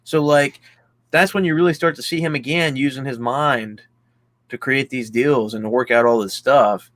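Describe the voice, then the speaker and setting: A young man recaps a film for a casual podcast, his voice sitting at an ordinary middle pitch. He rambles, leans on "like," and slips into little acted-out quotes as he goes. The sound is close and dry, with no room around it. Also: normal speed, fairly bright tone, no echo. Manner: rambling, heavy use of "like", acts out quotes. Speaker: podcast co-host. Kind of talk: casual movie recap chat.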